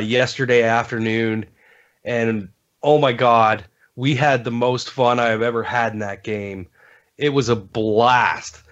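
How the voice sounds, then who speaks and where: A man's voice: mid-range voice, a bit bright. A man, a podcast guest, chatting casually about games and rambling through stories with lots of fillers and restarts. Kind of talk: casual gaming chat. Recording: dull lo-fi sound.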